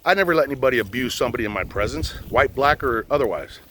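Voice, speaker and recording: An older man, a retired police officer, talks bluntly and swears freely. His speech swings widely up and down in pitch, and faint outdoor noise sits behind him as he rants from a boat in a swamp. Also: expressive, rapid-fire, a bit bright. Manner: blunt, profane and heated. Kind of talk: outdoor rant.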